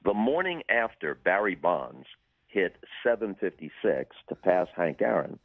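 A man's voice: sits low, unhurried, creaky, dry recording, phone-quality sound. Older man, dry wry storyteller. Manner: dry wry anecdotes with deadpan punchlines. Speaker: guest broadcaster. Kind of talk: storytelling in a radio interview.

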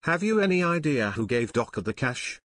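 A man's voice: medium pitch, very animated, moderate pace, a bit bright, no echo, clean studio sound. A man voicing Joe, an eager younger teenage boy detective who talks in a direct way.

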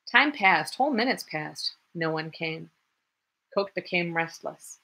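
A woman reading a classic novel aloud in a measured narrating voice. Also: lowish voice, expressive, pushed and bright, husky. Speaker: audiobook reader.

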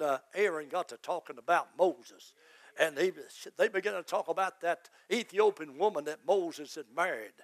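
A man, a pastor, preaching a fervent sermon that rises to shouts. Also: high-pitched.

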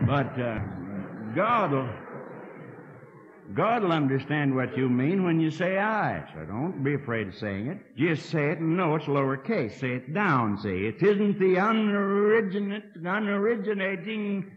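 A man's voice: on the high side, expressive, a little slow. A man in his sixties preaching a sermon in a college hall, folksy and earnest, with dry asides and words repeated as he thinks. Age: 60s. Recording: dull lo-fi archive tape from 1960.

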